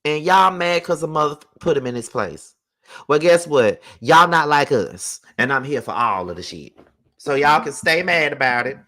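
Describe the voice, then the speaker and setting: Bright-voiced guy ranting on his vlog at home, heated, cussing nonstop. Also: fairly high pitch, animated, moderate pace. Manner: heated, profane, repetitive rant. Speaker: vlogger host. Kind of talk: casual ranting vlog commentary.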